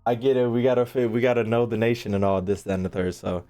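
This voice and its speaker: A man's voice: medium pitch, fast, dark tone, soft background music. A young man, a gaming YouTuber, ranting casually and animatedly, swearing and repeating himself as he ranks game regions.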